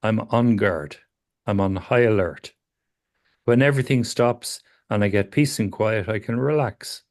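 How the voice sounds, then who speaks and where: Low-voiced man, calm and probing. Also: measured pace. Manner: calm, probing questions, repeats phrases. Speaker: psychotherapist. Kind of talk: therapy session conversation.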